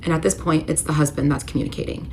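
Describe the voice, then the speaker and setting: A woman's voice: low-pitched, fairly even intonation, fast, a little mellow, slight background noise. A woman recounting a painful personal story in a confessional vlog, candid and emotional, with lots of "like". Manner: emotional, candid, uses filler "like" often. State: tearful at moments. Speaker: storyteller recounting her marriage.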